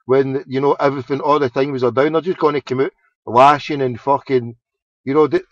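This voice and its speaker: A man's voice: mid-range voice, fairly even intonation, brisk, no room sound. A man chatting casually, rambling and swearing, with many restarts. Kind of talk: casual chat. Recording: dull lo-fi sound.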